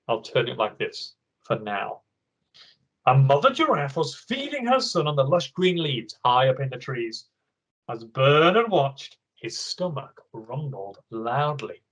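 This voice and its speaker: A man teaching an online writing lesson, reading a picture book aloud in an expressive, encouraging way. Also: mid-range voice, breathy edge, rough recording.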